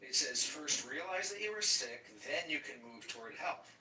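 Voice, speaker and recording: A man reads a short passage aloud in casual chat, then riffs on it with wry, blunt comments. His voice sits a little high for a man. He sounds far from the microphone in an echoey room, with clear background noise. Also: lively intonation, normal speed, sharp tone. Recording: echoey room, distant mic, audible noise.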